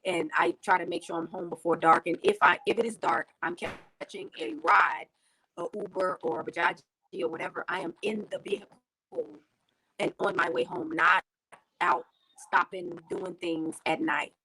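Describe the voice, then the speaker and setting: A woman's voice: lowish voice, steady tone, normal speed, sharp tone, a little hiss or hum, low-quality recording. American woman chatting as a guest on a remote call, lots of um and you know. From United States. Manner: chatty, frequent fillers and restarts. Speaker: interview guest. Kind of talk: casual interview talk.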